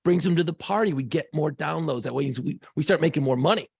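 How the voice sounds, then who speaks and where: A man in his fifties co-hosts a podcast in lively, foul-mouthed banter. His voice sits a little high, with a gravelly, husky grain, and the sound is dry and close. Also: fast talker, dry recording. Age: 50s. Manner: animated, swears freely, jokes around. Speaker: podcast co-host. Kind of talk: casual chat.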